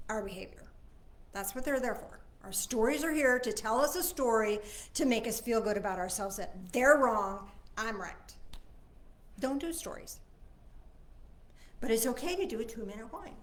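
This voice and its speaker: High-voiced woman leading a casual service. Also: animated, moderate pace. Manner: conversational, often checks in with listeners; swings between soft asides and emphatic points. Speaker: spiritual minister. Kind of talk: informal Sunday service teaching.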